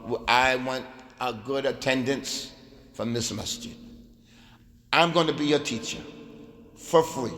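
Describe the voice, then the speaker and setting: Drilling phrases aloud with emphasis and repetition, a man lectures an Arabic class in a mosque. His voice is mid-range with a sharp tone, and the mosque hall adds a long reverb.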